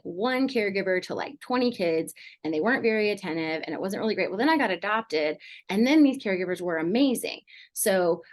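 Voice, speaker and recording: A middle-aged woman counselor talking casually on a podcast, rambling with many fillers like "like" and "you know". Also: lowish voice. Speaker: mental health counselor guest.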